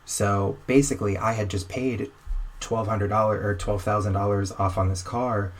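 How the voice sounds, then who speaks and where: A man's voice: on the low side, normal speed. A young man, a podcast guest, telling a long story casually and acting out the other people in it. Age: young adult. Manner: animated, acts out dialogue in quotes.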